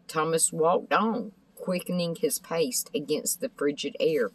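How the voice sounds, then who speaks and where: A woman's voice: low voice, measured pace, few pauses, breathy edge, low-quality recording. Woman reading a storybook aloud. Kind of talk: scripted narration of a children's book.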